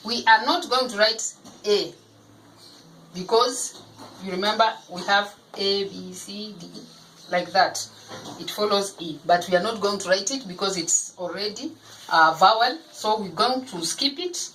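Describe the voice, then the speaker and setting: A woman gives a phonics lesson at a very unhurried pace, sounding out each syllable with care and repeating it. Her voice sits at a middle pitch. A faint hum of background noise runs under the recording. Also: fairly bright tone, low-quality recording. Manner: slow, deliberate, repeating each syllable aloud. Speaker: teacher. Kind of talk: phonics lesson for parents of young children.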